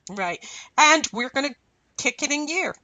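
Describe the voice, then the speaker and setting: A middle-aged woman hosting a radio show, talking in a rambling, chatty and animated way. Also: high voice, a little slow, noisy background. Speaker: radio host. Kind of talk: casual radio chat.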